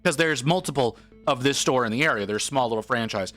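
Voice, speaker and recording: A man's voice: mid-range voice, fast, a bit bright, faint music behind. A man telling a long, rambling story to his stream chat, slipping into quoted voices as he goes.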